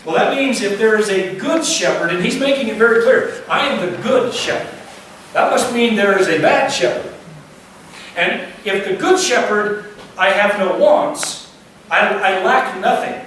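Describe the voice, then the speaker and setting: High-voiced pastor preaching in an echoey hall. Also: male voice, lively intonation, unhurried, fairly bright tone. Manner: conversational preaching with frequent check-ins and rhetorical questions. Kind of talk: sermon. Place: church sanctuary. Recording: echoey church hall from a distance, faint noise.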